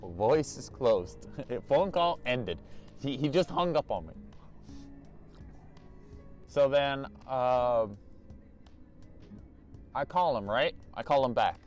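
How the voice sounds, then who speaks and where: Casting note: young male vlogger, mid-pitched, lively storyteller, faint music underneath. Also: slow pace, pauses often. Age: young adult. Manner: animated, restarts and repeats, laughs often. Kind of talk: storytime vlog.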